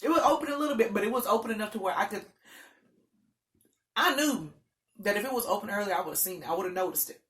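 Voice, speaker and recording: A woman vlogger telling a story in a loud, animated, dramatic way. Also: mid-range voice, quick pace, long pauses. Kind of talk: casual storytelling.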